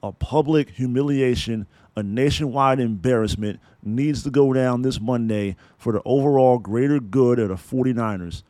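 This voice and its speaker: A man in the middle of a heated sports rant, blunt and profane, his voice sitting at an ordinary mid pitch. He sounds fired-up and unfiltered throughout. The recording is close and dry, with no room sound around him. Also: normal speed, few pauses, darkish tone, no room sound. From San Francisco Bay Area. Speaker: sports podcast host.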